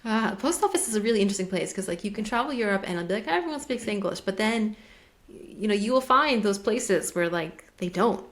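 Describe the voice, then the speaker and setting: Chatty mom telling rambling stories. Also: female voice, mid-range voice, expressive, a little fast. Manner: rambling storyteller, acts out dialogue, frequent "like". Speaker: podcast co-host. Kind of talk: casual chat. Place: lives in German-speaking Switzerland.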